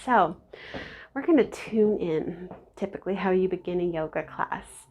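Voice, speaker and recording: A woman's voice: lowish voice, normal speed, slightly rough. Woman yoga teacher leading a beginner class, encouraging, gets a bit emotional, keeps saying right?. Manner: warm, encouraging and emotional, with frequent "right?" check-ins. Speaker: yoga instructor.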